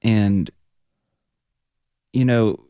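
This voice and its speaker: A man's voice: on the low side, steady tone, very slow, warm tone, smooth, no room sound. A man who is a Buddhist teacher and punk rock frontman, talking earnestly in a radio studio interview, often restarting and trailing off as he searches for words. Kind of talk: reflective radio interview conversation.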